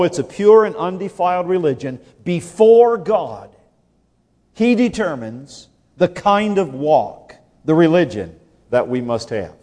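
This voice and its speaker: A man preaching a sermon in a measured, emphatic way, building with rhetorical questions and repeated phrases. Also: medium pitch, dark tone, in a large hall.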